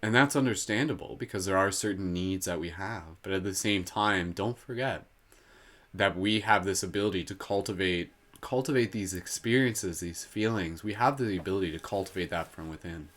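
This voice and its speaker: A man hosting a live guided meditation, slow and soothing when guiding, giggly and playful between exercises. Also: low-pitched, fairly bright tone. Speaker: meditation host.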